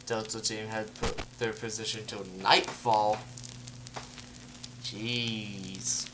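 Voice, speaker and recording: A man's voice: fairly low pitch, flat delivery, takes it slowly, very noisy. A man giving casual let's-play commentary, chatting and talking back at the game as he plays. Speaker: gamer.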